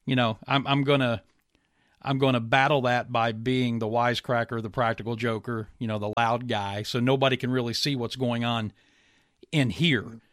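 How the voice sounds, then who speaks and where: A man from West Virginia hosting an interview, asking questions in a halting way with frequent restarts. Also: mid-range voice, fairly even intonation, a bit bright, no echo, clean studio sound. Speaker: interview host. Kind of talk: interview chat.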